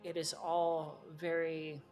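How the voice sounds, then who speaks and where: Slow, low-pitched woman narrating a tabletop game as game master. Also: little pitch movement, a little mellow, faint music behind. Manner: slow, halting narration with fillers.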